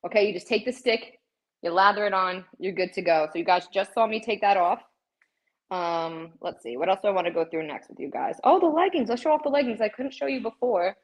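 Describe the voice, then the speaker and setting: A woman's voice: medium pitch, fairly quick, rough recording. A woman hosting a live shopping stream from her home gym, chatting straight to her viewers and out of breath from a cardio workout. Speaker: livestream host showing fitness products.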